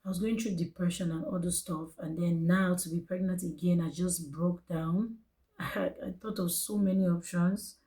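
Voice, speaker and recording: A woman's voice: lowish voice, fairly even intonation, moderate pace, warm tone, low-quality recording. A young woman with a Nigerian English accent telling her birth story to camera in an earnest, emotional way, repeating phrases for emphasis. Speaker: vlogger.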